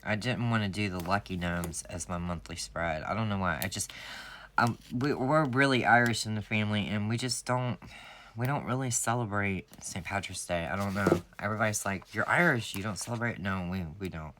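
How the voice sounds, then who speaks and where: A woman's voice: extremely low pitch, moderate pace, a bit bright, slight background noise. A woman, chatting casually to her viewers as she sets up a planner, rambling and friendly. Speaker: planner sticker shop owner. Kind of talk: casual planner setup vlog.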